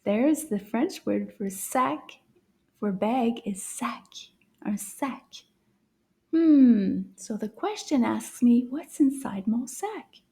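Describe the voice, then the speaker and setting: High-voiced lady doing a slow kids lesson, cheery and coaxing, sometimes whispers. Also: lively intonation, mellow. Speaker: French teacher for children. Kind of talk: slow, encouraging kids' lesson.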